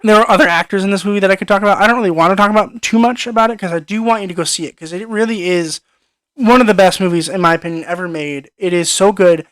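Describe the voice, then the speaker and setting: A man's voice: high-pitched, fast talker, fairly bright tone, dry recording. A young man giving an enthusiastic, rambling film review, often repeating his words. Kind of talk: casual film review monologue.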